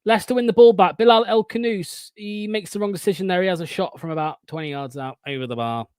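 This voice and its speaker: A man, hosting a fan watchalong stream and giving excitable, sweary live match commentary. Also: high-pitched, quick pace, clean tone, no echo.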